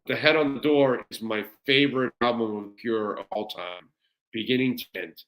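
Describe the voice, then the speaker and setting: A man's voice: mid-range voice, normal speed, a bit bright. A middle-aged man hosting a live show, chatting casually and gushing enthusiastically as he answers viewer comments, rambling with fillers and repeated words. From United States. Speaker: sports radio host.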